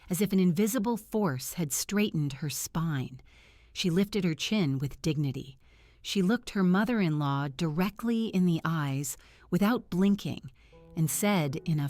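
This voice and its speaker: A middle-aged woman narrating a first-person family story in an earnest, measured way. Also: lowish voice, a little mellow, no room sound.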